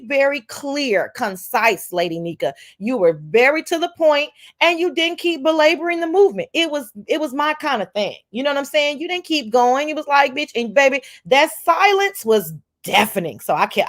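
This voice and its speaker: A woman hosting a casual chat show, loud and profane, acting out the people she quotes. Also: on the high side, moderate pace. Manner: loud, profane and animated, acts out quoted voices. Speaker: host.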